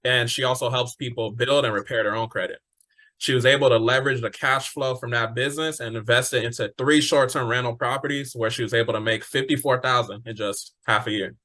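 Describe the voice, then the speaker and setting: A man hosting a podcast interview, relaxed and affirming, with steady "yeah" and "okay" replies. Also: mid-range voice, a little fast. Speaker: podcast host.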